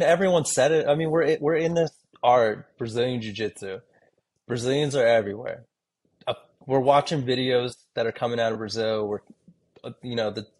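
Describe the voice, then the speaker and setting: A young man guest telling stories in casual podcast chat, blunt and quick to laugh. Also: mid-range voice, darkish tone. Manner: laughing storyteller, blunt and profane.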